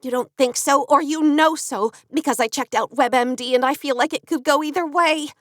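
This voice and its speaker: A woman reading an audiobook and voicing an excitable, melodramatic young mother, her best friend, with a higher, gushing delivery. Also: normal speed, no room sound, studio quality. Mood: anxious.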